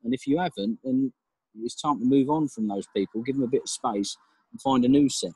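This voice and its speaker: A man's voice: medium pitch, animated, a little fast, vocal fry, a little mellow, husky, dry recording, rough recording. A man, a father, talking reflectively as a podcast guest, with laughs and hesitant restarts. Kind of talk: casual interview chat.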